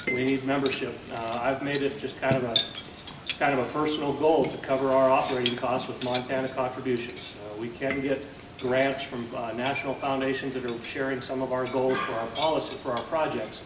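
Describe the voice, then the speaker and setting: A male host speaks at a lunch forum in a conversational way, pausing often on filler words. He sits back from the microphone in a reverberant banquet room. Cutlery and dishes clink audibly behind him. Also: medium pitch, flat delivery, background noise. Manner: plain, conversational, with frequent "uh" fillers. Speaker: event host introducing a speaker. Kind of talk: luncheon speech and introduction. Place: banquet hall at a lunch event. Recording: roomy, distant mic with clinking dishes.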